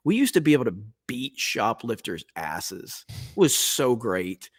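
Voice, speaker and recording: With a mid-range, slightly rough voice that swings widely in pitch, this podcast co-host in his forties speaks a little slowly. He spins profane, rambling stories in casual conversation, punctuated by laughs.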